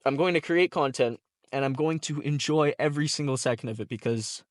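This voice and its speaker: A young content creator talks to camera in an earnest, heartfelt personal vlog, teary-eyed and talkative. His medium-pitched voice moves briskly, picked up by the camera mic with a clean studio sound and no room echo.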